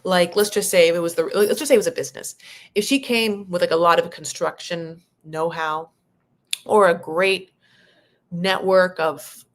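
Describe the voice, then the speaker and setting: A woman's voice: lowish voice, moderate pace. A woman giving casual, opinionated commentary on a reality show, talking loosely and swearing now and then.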